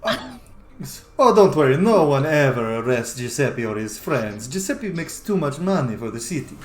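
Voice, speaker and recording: A man's voice: medium pitch, big pitch swings, normal speed, roomy sound, a little hiss or hum, close to an everyday voice. A man doing a chatty rabbit-folk innkeeper. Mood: eager. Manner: talks about himself in the third person, eager and chatty. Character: jovial rabbit-folk male innkeeper and smuggler.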